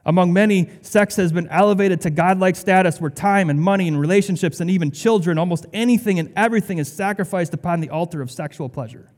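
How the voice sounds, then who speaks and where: A man's voice: sits high, quick pace, few pauses, darkish tone. Man preaching in a reverberant hall. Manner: conversational, with sarcastic asides. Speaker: pastor. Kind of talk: sermon.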